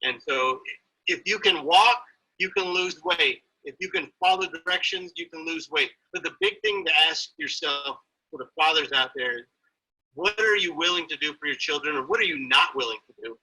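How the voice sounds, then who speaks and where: A man's voice: on the high side, animated, moderate pace, bright, forceful tone, breathy edge, low-quality recording. A man speaking as an interview guest, earnest and motivational as he talks about being a father. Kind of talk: interview conversation.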